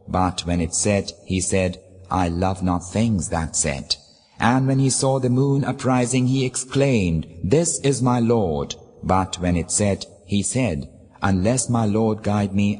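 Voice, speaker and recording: A man giving a solemn, measured reading of scripture in a formal, unhurried manner. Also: lowish voice, a little mellow, slightly rough. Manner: slow, measured, formal delivery. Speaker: scripture reader. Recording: long reverb.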